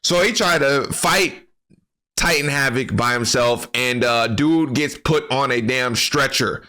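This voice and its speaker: Man, casual game recap, bright voice, loose profane slang, rambling delivery. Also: medium pitch, unhurried. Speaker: gaming commentary creator. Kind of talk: casual gaming commentary.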